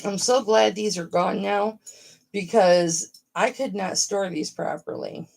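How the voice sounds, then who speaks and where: A middle-aged woman chatting on a live stream in an unhurried, drawn-out way. Her voice is gravelly and a little husky, sitting somewhat high. She is frank and motherly, and curses freely. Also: a little mellow. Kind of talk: casual live-stream chat.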